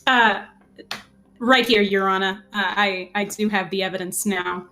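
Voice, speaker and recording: A woman's voice: mid-range voice, fairly even intonation, a little slow, bright, forceful tone, faint music behind. A woman playing a defense lawyer in a tabletop role-play, speaking hesitantly with stammering restarts. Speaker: player.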